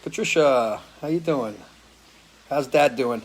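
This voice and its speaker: Middle-aged Northeastern man, musician host, casual live-stream chat, mid pitch, voice a touch worn from singing. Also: takes it slowly, slightly rough. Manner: relaxed, greets viewers by name one after another. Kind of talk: casual chat greeting viewers. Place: porch at home.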